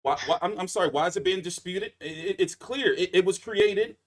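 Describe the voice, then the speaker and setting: Brief: American male host, higher voice, animated and salty, casual chat, slips into mock quotes. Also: a little fast. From United States. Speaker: show host.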